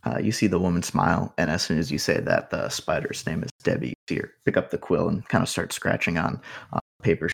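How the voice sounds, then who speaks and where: A man with a very deep, gravelly voice runs a tabletop game as host. His narration is relaxed and descriptive as he paints each scene. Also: fairly quick, dry recording.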